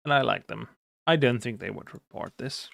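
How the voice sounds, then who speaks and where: A man's voice: mid-range voice, normal speed, gravelly, fairly bright tone, no room sound. A man from Germany with a German accent, chatting casually on a live stream, rambling and hesitant, with casual swearing. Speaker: livestreamer.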